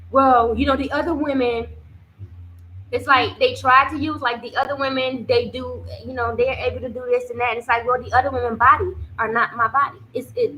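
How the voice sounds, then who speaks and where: A woman's voice: on the high side, pushed and bright, slight background noise, low-quality recording. A young woman telling a personal story in a casual, rambling way, with many fillers and repeated phrases. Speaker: vlogger.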